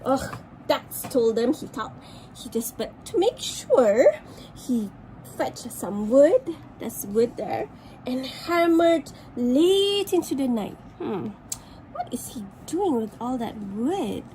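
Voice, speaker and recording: A woman's voice: sits high, sing-song, slow pace, mellow, a little hiss or hum, poor audio. A woman from Malaysia, a teacher, reading a picture book aloud to children with chatty asides about the pictures. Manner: chatty asides to young listeners, pointing at pictures.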